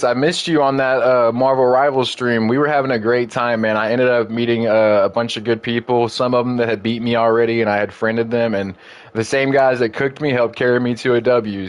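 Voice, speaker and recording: A man streaming a football video game, chatting casually with viewers and his opponent, full of fillers and loose asides. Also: mid-range voice. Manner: rambling, filler-heavy, friendly asides to viewers. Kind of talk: casual gaming stream chat. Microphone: desk mic in a home streaming room.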